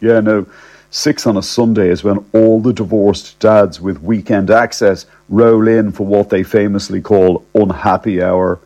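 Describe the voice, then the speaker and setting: A man telling a comic first-person story in a cheeky, deadpan, slangy way. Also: lowish voice, a little slow.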